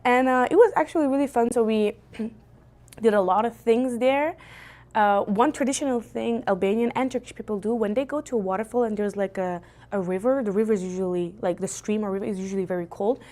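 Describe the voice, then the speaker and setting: A young woman from Belgium streaming from home on a phone, telling a family story in a lively, animated way. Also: on the high side, a little fast. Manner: animated, lively storyteller with big jumps for quoted voices. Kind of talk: casual livestream storytelling. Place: indoors at home. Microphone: phone on a gimbal.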